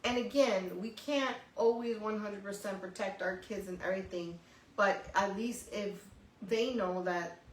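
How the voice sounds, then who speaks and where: A woman's voice: medium pitch, unhurried, echoey room, far from the mic, rough recording. A woman co-hosting a casual talk show who speaks bluntly, swears freely and laughs often. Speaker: co-host. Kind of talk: casual chat.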